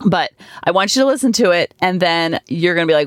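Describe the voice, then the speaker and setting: A woman's voice: on the low side, big pitch swings, racing, no room sound, studio quality. A middle-aged woman hosting a podcast, chatting casually and animatedly, with lots of fillers. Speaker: podcast host and coach. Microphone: studio podcast microphone.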